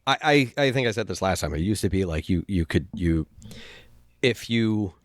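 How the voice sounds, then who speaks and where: A man hosting a casual podcast chat, talking haltingly with frequent restarts and sighs. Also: sits low, animated, no room sound, clean studio sound. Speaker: podcast host.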